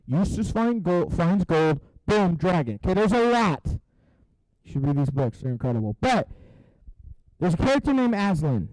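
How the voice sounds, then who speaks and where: A young man giving a youth sermon, telling a story with jokes and then dropping to a hushed, serious tone. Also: high-pitched, dry recording, low-quality recording. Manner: animated and joking, drops to a hushed tone for serious parts. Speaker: youth pastor.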